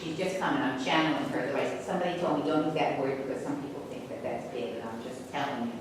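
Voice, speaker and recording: A woman's voice: a bass voice, fairly even intonation, quick pace, background noise. A woman comedian telling a story on stage in a chatty, offhand way, breaking off into asides. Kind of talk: stand-up storytelling. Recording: echoey hall from far off with audience.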